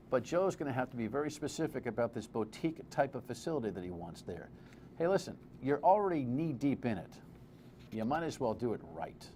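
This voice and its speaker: A man's voice: mid-range voice, darkish tone. Brief: male TV host, blunt and wry, a faint hiss under the studio mic. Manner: blunt, sarcastic, conversational. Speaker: TV host and commentator. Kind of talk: opinionated TV commentary. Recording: faint background noise.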